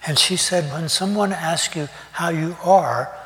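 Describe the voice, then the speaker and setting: An older man giving a sermon, talking in a conversational, folksy way with pauses and fillers. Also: a little high, fairly bright tone. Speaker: preacher. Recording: long reverb of a hall.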